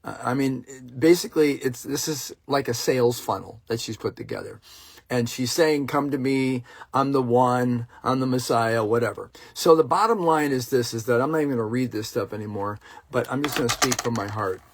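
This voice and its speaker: Husky middle-aged guy ranting on a stream, blunt, swears, rambles, dry close mic. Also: medium pitch, a little fast, no echo. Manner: blunt, heated, profane, rambling with asides to viewers. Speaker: working actor and online host. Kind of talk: casual livestream rant.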